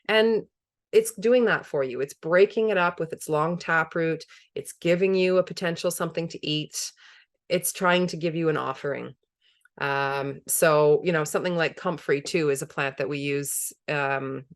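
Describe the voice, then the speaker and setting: A woman presenting a webinar on a video call, conversational and enthusiastic, laughing easily as she explains. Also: on the low side. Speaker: permaculture presenter.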